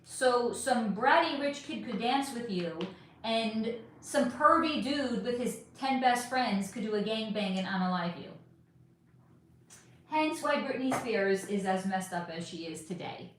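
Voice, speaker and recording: Doing her makeup at home during a casual livestream, this woman reads viewers' chat questions out loud and replies frankly, cursing freely and letting sentences trail off into fillers. She sounds a little high, expressive and fairly bright, never hurried. The recording has a very echoey room and slight background noise.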